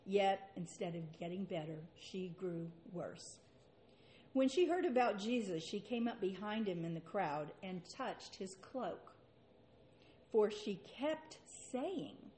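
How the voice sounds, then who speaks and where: A woman's voice: mid-range voice, expressive, takes it slowly, warm tone, slight background noise. A woman preaching a sermon and reading scripture aloud, with an earnest manner and rhetorical questions.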